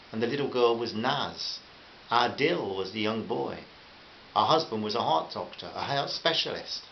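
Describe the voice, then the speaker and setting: A man reading a short story aloud in a gentle, friendly way, addressing listeners as friends. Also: medium pitch, gravelly. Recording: muffled roomy recording with faint hiss.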